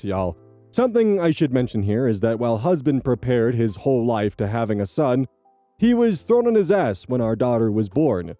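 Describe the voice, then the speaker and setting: A man hosting a channel and narrating an online post aloud with animated, emphatic storytelling. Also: medium pitch, no room sound. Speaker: channel host reading online posts.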